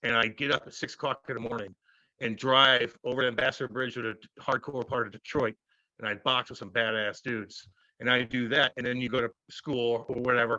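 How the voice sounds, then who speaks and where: A man in his thirties, a former hockey player, telling stories loudly and profanely in a casual interview. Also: mid-range voice, no echo, highs cut off. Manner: loud, profane, animated storytelling.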